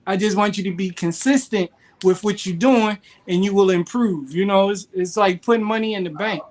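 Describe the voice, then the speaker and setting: A man, a guest on a casual chat show, speaking earnestly and motivationally, halting often with fillers. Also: high-pitched, darkish tone.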